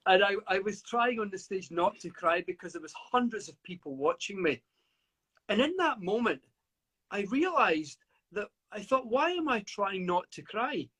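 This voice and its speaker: A man's voice: high voice, lively intonation, normal speed, a bit bright, breathy edge. A middle-aged man from the UK, a guest author reflecting at length in an interview, often stammering and restarting. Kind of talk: interview over a live video call.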